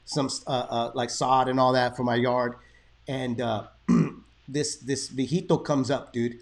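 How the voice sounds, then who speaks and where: A man's voice: mid-range voice, little pitch movement, a little slow. A man in his thirties, hosting a boxing podcast in casual chat, telling stories, swearing freely and slipping into Spanish. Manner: laid-back storytelling, swears freely, slips into Spanish.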